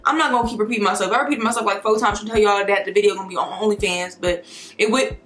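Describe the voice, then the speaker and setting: A woman's voice: mid-range voice, little pitch movement, racing, fairly bright tone, reverberant. A young woman vlogger, chatting casually and slangily, with swearing and tangents, while she does her hair and makeup, hiccuping as she talks. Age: young adult. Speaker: beauty vlogger.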